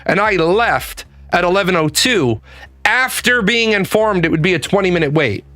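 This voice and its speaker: High bright-voiced man ranting. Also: expressive, normal speed. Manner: exasperated, swears a lot, acts out phone calls. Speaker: podcast host. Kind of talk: profane storytelling rant.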